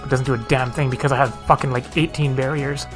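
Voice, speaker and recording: A man's voice: medium pitch, flat delivery, fast. A man hosting a let's play, commenting casually and offhand, swearing and chuckling to himself. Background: game music.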